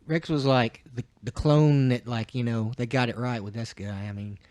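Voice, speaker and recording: Male podcast guest, relaxed lore explainer, middle pitch, dry recording. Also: moderate pace, no echo. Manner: laid-back, explains lore with "you know" and "like". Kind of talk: casual chat.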